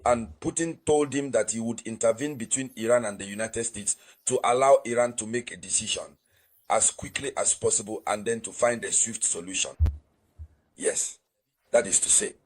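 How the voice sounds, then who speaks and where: A man's voice: lowish voice, moderate pace, husky, low-quality recording. A man hosting a political news commentary channel, talking emphatically, repeating his key points and urging viewers to share.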